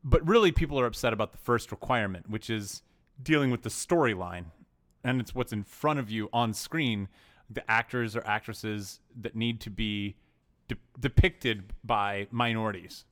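A man's voice: on the low side, moderate pace, a bit bright. A male co-host of a movie podcast who teases his partner and wanders off on tangents in casual chat.

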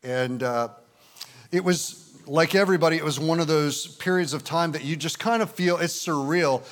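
A man in his fifties, a pastor, preaching a conversational sermon with frequent "and, uh" fillers, slowing down to read scripture. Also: a little high. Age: 50s. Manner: slows and lifts his voice when reading scripture. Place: visiting church service in the evening.

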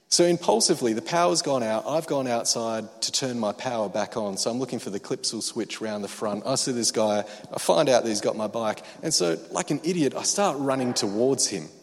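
Australian pastor preaching in a reverberant hall. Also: male voice, medium pitch, normal speed. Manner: quiet and reflective, growing loud and excited as the story builds. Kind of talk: sermon with personal storytelling.

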